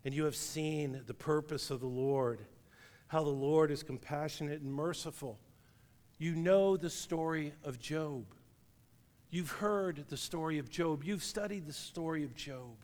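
A middle-aged man preaching a sermon, telling a lively story and laughing at his own tale. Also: a little high, unhurried. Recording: long reverb of a large hall.

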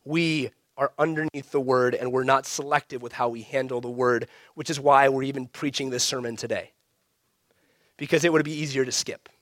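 Emphatic higher-voiced male pastor preaching. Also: dry recording, clean studio sound. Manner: emphatic, swings from raised emphasis to hushed near-whisper. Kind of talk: sermon.

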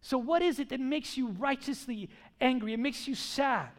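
Very high-voiced man preaching a sermon. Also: normal speed. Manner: emphatic, asks the crowd questions, acts out quotes.

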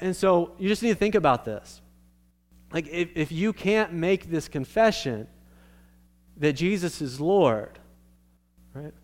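A male pastor gives a sermon with a slightly high voice. He preaches conversationally, checks in with his listeners and restarts phrases as he goes.

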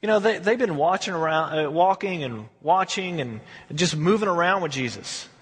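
A man leads a Bible study in a high, husky voice, chatty and folksy as he acts out the scriptures. His words bounce around a large hall with a long reverb tail. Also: moderate pace. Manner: folksy, animated, acts out quotes. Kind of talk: verse-by-verse Bible teaching, conversational.

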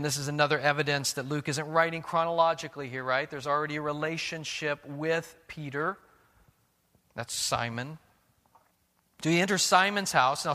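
A man's voice: fairly high pitch, sharp tone, in a large hall. A man preaching a sermon as pastor, earnest and questioning, often restarting his words.

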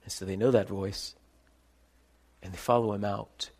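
A pastor preaching a sermon, swinging between hushed reflection and loud, ringing calls. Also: male voice, fairly low pitch, steady tone, normal speed. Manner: dramatic shifts between soft and loud, calling out names.

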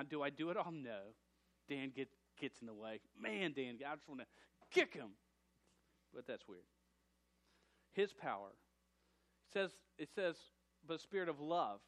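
A male pastor preaching with animated energy, often restarting and repeating words as he goes. His voice sits fairly high for a man. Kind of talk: sermon.

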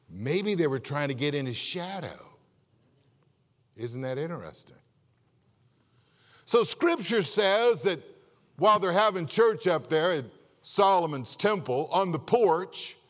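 A man pastor preaching a sermon, telling a joke-filled story in a lively way and often repeating words. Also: high voice, normal speed, big-room sound. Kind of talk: sermon with jokes. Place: church.

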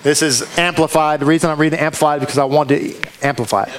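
A male preacher with a slightly high, fairly even voice talks fast as he delivers a sermon to a congregation with a control booth. He reads scripture aloud and hammers his points with emphatic rhetorical questions. The rough recording carries a little hiss or hum.

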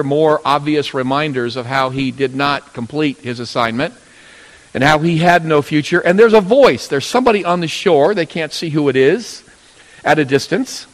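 A man preaching a sermon, telling a Bible story and acting out its characters in sudden loud bursts. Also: on the high side. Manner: storytelling, acting out voices of biblical figures with sudden loud rises. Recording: long hall reverb.

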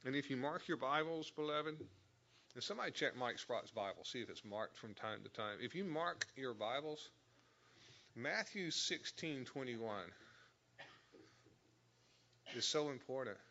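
A man's voice: mid-range voice, expressive, a little slow, pauses often, bright, forceful tone, highs cut off, a little hiss or hum. A man teaching a Bible lesson, explaining verse by verse and stressing key words. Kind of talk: sermon.

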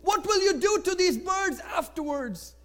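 A kind, heartbroken pastor played by a man begs for his birds in a raised, pleading voice that pushes toward a shout. The pitch sits very high, and the lines come slowly and heavily. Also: animated, exaggerated voice.

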